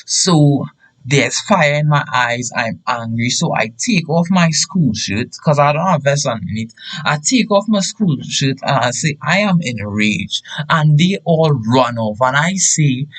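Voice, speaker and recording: A young man telling a story in a casual, animated way with bursts of shouting. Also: a little high, unhurried, rough recording.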